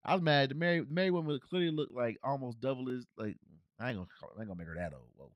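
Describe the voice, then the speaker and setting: A man hosting a casual movie review podcast on his own races through his words, rambling with restarts and fillers and swinging his pitch animatedly. He's from Cincinnati. The sound has no echo, but the high frequencies are cut off.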